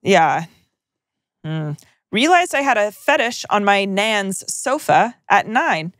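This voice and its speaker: A woman's voice: mid-range voice, sing-song, takes it slowly, fairly bright tone, dry recording, clean studio sound. Wry young woman reading stories aloud. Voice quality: wry, sardonic asides while reading. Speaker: podcast co-host reading listener stories. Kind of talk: casual chat, reading aloud.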